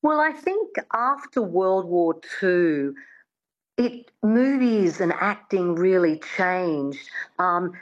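A woman's voice: on the low side, lively intonation, slow, dull audio. A woman accent coach, chatty and explanatory, talking in a radio interview. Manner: chatty, explanatory, fond of filler words.

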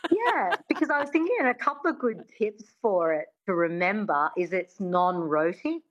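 A woman, a dialect coach explaining in an interview and demonstrating sounds slowly and precisely. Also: medium pitch, sing-song, dull audio. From Australia. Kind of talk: conversational interview, teaching.

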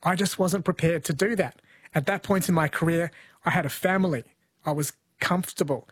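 A man's voice: a little high, fairly quick, husky, dry recording. A man hosting a talk show, explaining things in an earnest, chatty way. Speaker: podcast host. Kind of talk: casual chat, explaining.

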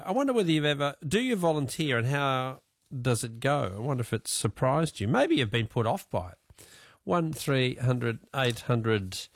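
Guy hosting talk radio, gravelly voice, chuckles a lot, mid pitch. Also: dry recording, studio quality. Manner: chatty, musing aloud, chuckles often. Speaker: talkback radio host. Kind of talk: casual radio chat with callers. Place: radio studio.

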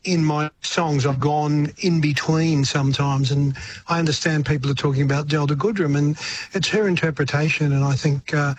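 A man's voice: on the high side, steady tone, moderate pace, slight background noise. An older Australian man, a musician, talking in a radio interview with frequent restarts and repeated words. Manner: rambling, repeats words, laughs often. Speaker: guest musician.

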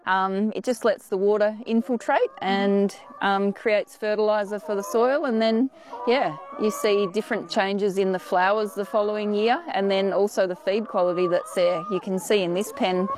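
A woman farmer with an Australian accent, speaking outdoors in a relaxed interview with many "um" and "yeah" fillers. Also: mid-range voice, normal speed, slight background noise. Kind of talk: casual interview. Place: outdoors on a farm.

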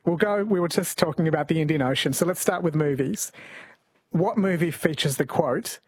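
A man's voice: on the high side, moderate pace, darkish tone, breathy edge, no room sound. A man hosting a late-night talkback radio quiz, chatting and reading out listener texts. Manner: chatty, amused, reads listener texts aloud. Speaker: radio host.

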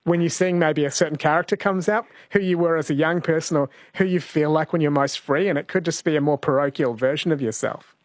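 A man hosting a casual radio chat and quiz, chatty and quick to laugh along with callers. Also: fairly high pitch, dry recording, studio quality. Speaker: radio host.

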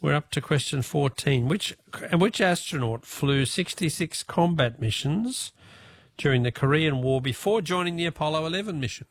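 Australian male radio host, chatty, gravelly edge, animated delivery. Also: fairly high pitch, moderate pace, no room sound. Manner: chatty, chuckling, reads listener texts. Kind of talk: talkback radio quiz.

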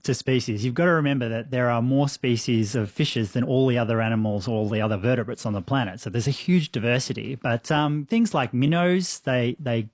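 Enthusiastic scientist explaining. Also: male voice, mid-range voice, a little fast, few pauses, dry recording, studio quality. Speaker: marine biologist guest. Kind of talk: radio interview answers.

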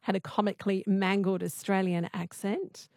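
A woman hosts an evening call-in radio show and reads out listener messages at a steady, brisk clip. Her voice sits at a middling pitch and sounds dry and close to the mic. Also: dry recording. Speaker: radio host.

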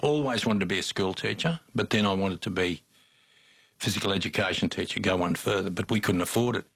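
A man's voice: low-pitched, brisk, gravelly, a bit bright, husky. An older man with an Australian accent, telling folksy stories as an interview guest, with frequent chuckles. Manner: folksy yarn-spinning, chuckles often. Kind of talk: casual storytelling.

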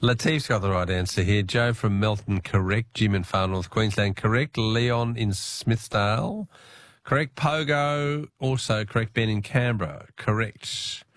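A man's voice: on the low side, unhurried, no room sound. A man with an Australian accent hosting a radio quiz, chatting casually and laughing easily with callers. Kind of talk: casual talkback radio chat.

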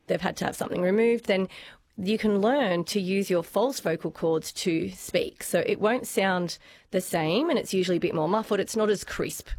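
A woman who lectures in medical science is explaining anatomy on a radio talk show. She is eager and clear, and her voice sits in an ordinary middle range. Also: medium pitch, moderate pace, darkish tone, slight background noise.

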